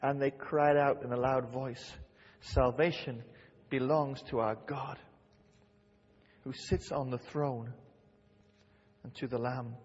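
A man's voice: mid-range voice, steady tone, slow pace, long pauses, husky. A man preaching a sermon with fervor, repeating key phrases and quoting scripture aloud. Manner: impassioned, repeats phrases for emphasis. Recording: lo-fi hall reverb.

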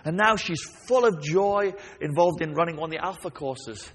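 A man preaching a sermon, lively, often asking the congregation questions. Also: a little high, moderate pace, slightly rough. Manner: animated, asks the congregation questions. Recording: long reverb of a large hall.

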